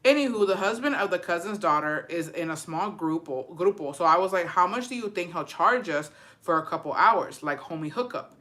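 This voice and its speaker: A woman livestreaming casual chat, animated and profane, switching freely between English and Spanish. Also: fairly low pitch, brisk, hardly any pauses. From Texas. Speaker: livestream host. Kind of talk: casual chat reacting to viewer stories.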